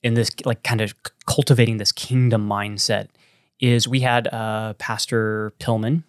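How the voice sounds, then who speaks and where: A man's voice: fairly low pitch, level tone, a little slow, no room sound. A Texan man talks about his church in an earnest, meandering way. He circles back and restarts his sentences as he thinks aloud. His voice sounds close and dry, with no room around it. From Texas. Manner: earnest, rambling with many restarts and fillers. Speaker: church planting pastor. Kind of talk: casual podcast conversation.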